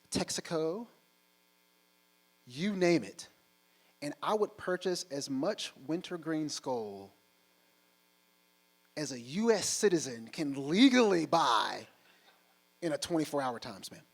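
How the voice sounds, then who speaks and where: A man in his forties giving a humorous storytelling talk on stage, animated and acting out other people's voices. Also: mid-range voice, poor audio. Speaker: keynote speaker. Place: on stage before a live audience.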